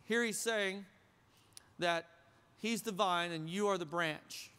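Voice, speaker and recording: Pastor, male, high bright voice, preaching in a loose joking way, long hall reverb. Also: slow pace, clear, resonant tone. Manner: conversational, joking, asks the crowd questions. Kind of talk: sermon. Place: church sanctuary.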